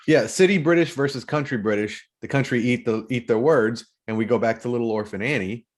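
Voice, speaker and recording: A man's voice: medium pitch, fairly quick. A man co-hosting a podcast, discussing a book series casually and making his points emphatically, repeating phrases. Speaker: podcast co-host.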